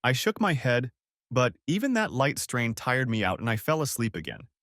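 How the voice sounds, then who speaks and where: A man reading a first-person story aloud in a dramatic, expressive way. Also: medium pitch, moderate pace, no room sound, studio quality. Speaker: story narrator.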